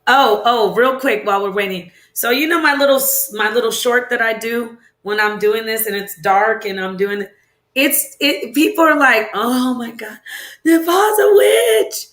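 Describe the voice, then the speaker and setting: A woman's voice: mid-range voice, fairly bright tone. A woman hosting a casual livestream, chatting loosely, reacting to viewer comments and asking them questions aloud. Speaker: livestream host. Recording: roomy echo.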